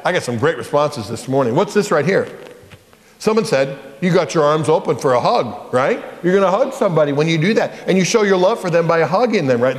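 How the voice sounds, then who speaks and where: A male pastor leading a children's lesson in a church, coaxing the children to repeat lines after him in call-and-response. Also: fairly high pitch. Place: church sanctuary. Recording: church hall reverb.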